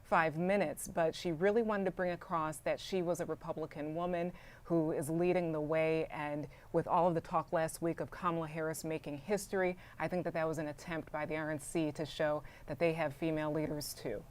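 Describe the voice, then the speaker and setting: A woman political reporter walks through her analysis on a live news panel, often pausing on fillers. Her voice sits low for a woman. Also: fairly even intonation. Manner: explanatory, frequent fillers.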